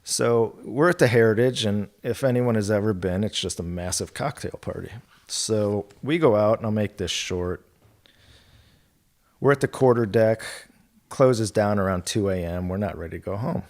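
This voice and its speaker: A man's voice: fairly low pitch, moderate pace, a little mellow. A middle-aged man telling rambling golf anecdotes in casual podcast talk, quoting others and laughing as he goes. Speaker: golf club territory manager guest.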